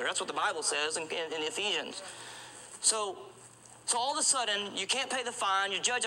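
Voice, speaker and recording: High, bright-voiced urgent male preacher. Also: brisk, low-quality recording. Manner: urgent, repetitive, restarts often, asks rhetorical questions. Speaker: street evangelist preacher. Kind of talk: evangelistic sermon.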